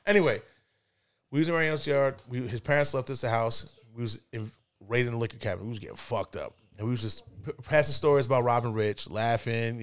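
A man casually telling a long personal story on a podcast, slangy and relaxed, getting animated when he quotes people. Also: medium pitch. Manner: laid-back, slangy, animated when quoting others. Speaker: podcast co-host. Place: indoors, podcast setting.

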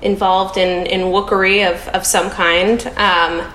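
A woman's voice: medium pitch, level tone, measured pace, a bit bright. Thoughtful woman guest, echoey sound. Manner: thoughtful, hesitant with fillers. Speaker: podcast guest. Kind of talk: casual interview talk. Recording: echoey room with faint noise.

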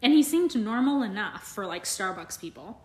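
A woman's voice: mid-range voice, sing-song, moderate pace, darkish tone, echoey room. A young woman co-hosting a podcast in casual chat, blunt and swearing freely. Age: young adult. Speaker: podcast co-host.

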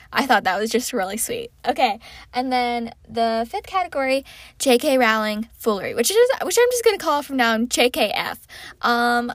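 A woman's voice: on the high side, fairly bright tone, no room sound, studio quality. A young woman casually chatting as she reviews books, rambling with lots of fillers. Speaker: book reviewer. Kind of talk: casual chat.

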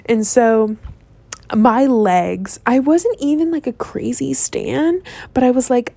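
A woman casually retelling a film scene, rambling and animated, with lots of swearing and filler words. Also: fairly high pitch, measured pace, creaky, no room sound. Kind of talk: casual storytelling.

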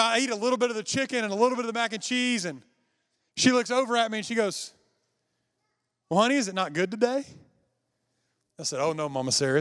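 A man's voice: high voice, a bit bright, clean tone. A man preaching a sermon, telling a personal story in a conversational way and speaking directly to the congregation. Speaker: pastor.

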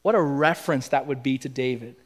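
A man's voice: medium pitch, fairly quick. A man preaching a sermon in a church, earnest and emphatic, acting out quoted lines as he goes. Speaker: pastor. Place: church sanctuary.

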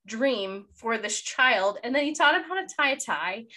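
A woman's voice: fairly high pitch, animated, moderate pace, sharp tone. A young woman co-hosting a casual chat podcast, gushing and emotional, laughing often as she talks. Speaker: podcast co-host.

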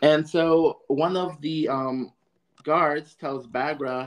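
A man co-hosting a casual TV recap, summarizing the plot in a relaxed, joking way. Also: on the high side, takes it slowly. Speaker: podcast co-host.

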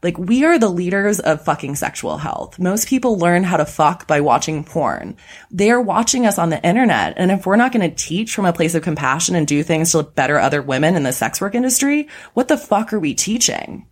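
A woman guesting on a podcast, blunt and fiery, with a lot of swearing. Her voice sits a little low. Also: sing-song, brisk, husky. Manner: blunt, profane, passionate. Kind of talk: casual chat.

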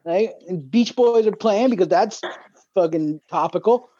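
A man's voice: high voice, measured pace, warm tone, slightly rough, no room sound. A man co-hosting a podcast, telling a rambling story full of swearing in casual chat. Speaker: podcast co-host. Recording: dull lo-fi dry sound.

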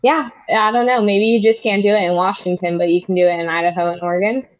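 A woman's voice: mid-range voice, steady tone, quick pace, dull audio. A woman co-hosting a podcast in casual chat, rambling through stories with lots of fillers and giggles. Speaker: podcast co-host.

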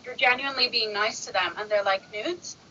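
A woman's voice: mid-range voice, fast. A woman chatting casually, telling sarcastic stories and acting out both sides of each exchange. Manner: animated, sarcastic storyteller who acts out exchanges. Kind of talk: casual chat. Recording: muffled recording with faint noise.

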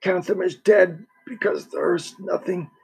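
Guy reading weak coughing old man on his deathbed, curt, kinda high and husky. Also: measured pace, a little mellow, exaggerated voice. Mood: bitter, weary. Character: dying old man, weak, bitter and blunt. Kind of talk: audiobook character voice.

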